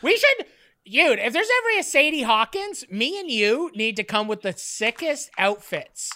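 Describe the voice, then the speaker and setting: A woman's voice: high voice, big pitch swings, normal speed, bright, forceful tone. A woman co-hosting a podcast in casual chat, rambling with a constant "like" and joking crudely. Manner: rambling, heavy use of "like". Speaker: podcast co-host.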